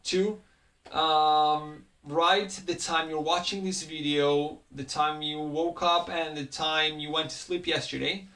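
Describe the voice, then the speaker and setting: Bright-voiced man teaching vocabulary. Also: a little high, steady tone, takes it slowly. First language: Hebrew. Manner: patient, methodical word-by-word teaching with occasional "uh" fillers. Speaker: Hebrew instructor. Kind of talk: recorded language lesson.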